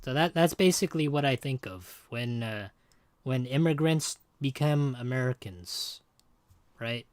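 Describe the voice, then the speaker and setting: A man's voice: medium pitch, expressive, unhurried, no room sound. A man streaming a game, chatting casually and jokingly with his viewers in a rambling way. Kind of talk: casual livestream chat.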